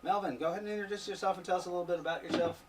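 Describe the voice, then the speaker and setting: A joking, easygoing man in his forties runs a streamed tabletop session. He sits away from the mic, and a faint hiss sits under his voice. He keeps a relaxed, teasing chat going with his players. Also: sits high, rapid-fire. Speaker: game master and stream host. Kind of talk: casual chat running a streamed tabletop game. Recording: distant mic with faint noise.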